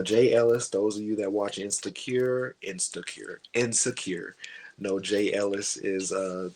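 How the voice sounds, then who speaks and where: A man's voice: lowish voice, poor audio. A man chatting casually through a book review, rambling and stopping to hunt for names.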